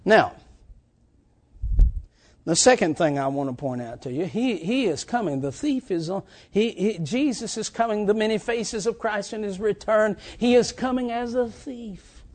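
A man preaching a sermon, swinging between shouted lines and quiet, drawn-out ones. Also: high-pitched, lively intonation.

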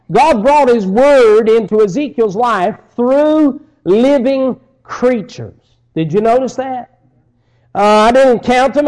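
A man with a high yet mellow voice delivers a sermon. He preaches in waves, repeating phrases for emphasis and pausing on fillers between points. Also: poor audio.

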